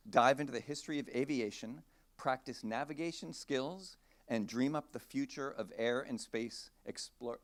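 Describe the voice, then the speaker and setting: A man presenting his company's exhibits at a conference with an upbeat, salesy delivery. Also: medium pitch. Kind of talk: conference pitch.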